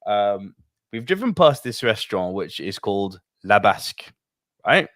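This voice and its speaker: A British man with a fairly low voice tells a story on a podcast in a loose, chatty way. His pitch leaps up suddenly when he gets worked up, and he swears freely. The sound is dry and close to the mic. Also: dry recording. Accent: British English. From England. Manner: animated storytelling, swearing, quick pitch jumps. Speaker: podcast co-host. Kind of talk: casual chat.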